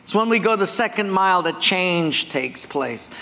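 A male pastor preaching a sermon, telling stories with lively acted-out dialogue. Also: high-pitched, normal speed, gravelly, a little hiss or hum. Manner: animated storytelling, acting out dialogue. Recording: long hall reverb.

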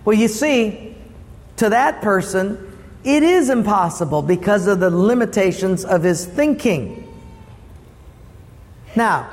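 A man preaching a sermon as pastor, lively and asking the congregation questions. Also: sits high, in a large hall.

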